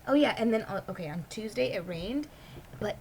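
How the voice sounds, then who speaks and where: A woman's voice: mid-range voice, expressive, a little fast, vocal fry, darkish tone, a little hiss or hum, poor audio. A woman vlogger in casual personal chat, rambling and filling her talk with "like". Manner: rambling, heavy use of "like".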